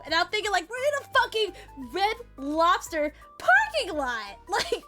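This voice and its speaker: A young woman streamer with a high voice, telling stories to her viewers in an animated, blunt way and swearing freely. Faint music plays softly behind her. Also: a little slow, hardly any pauses. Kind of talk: casual storytelling chat.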